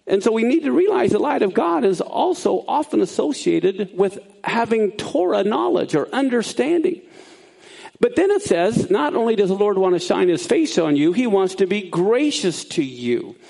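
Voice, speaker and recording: A man teaching a sermon, explaining Bible words in an animated way that swings up high for emphasis. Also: gravelly.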